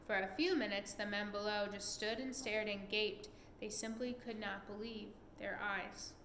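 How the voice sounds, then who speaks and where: Mom reading a kids book out loud, bright voice, echoey room with faint hiss. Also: female voice, medium pitch, normal speed. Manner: expressive, animated reading. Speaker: parent reading aloud. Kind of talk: reading a children's book aloud.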